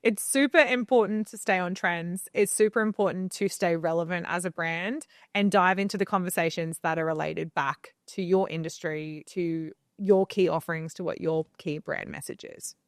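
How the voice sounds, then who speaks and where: A woman's voice: lowish voice, moderate pace, few pauses, no room sound. A young woman co-hosting a casual podcast from a home studio, chatty and opinionated as she gives advice. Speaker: podcast co-host.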